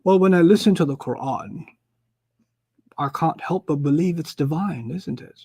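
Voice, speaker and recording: A man's voice: fairly high pitch, moderate pace, gravelly, darkish tone, slightly rough, no room sound. A man briefly voicing a posh British male professor who drawls in a dry, self-assured way. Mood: wry.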